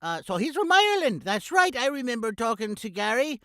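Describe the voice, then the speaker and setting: A man voicing a high-pitched, cranky male sidekick who bosses his partner around in a comic podcast intro. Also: very animated, a little fast, dry recording, clean studio sound, full character voice. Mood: bossy. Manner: bossy, sharp-tongued banter. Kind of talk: comic radio sketch intro.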